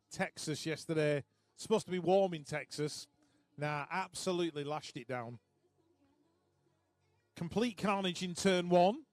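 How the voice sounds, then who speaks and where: A high-pitched man calls the races live, chatty and quick with a joke between riders. His voice sits close and dry on the mic, with faint music playing behind him. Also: dry recording. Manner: chatty, joking asides between race calls. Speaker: race commentator. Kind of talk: live sports commentary.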